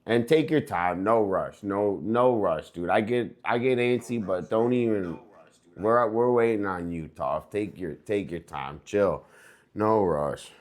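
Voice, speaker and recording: A young American man hosts a casual livestream, laid-back and rambling, now and then breaking into hyped, sing-song bits. His voice is lowish and a little slow.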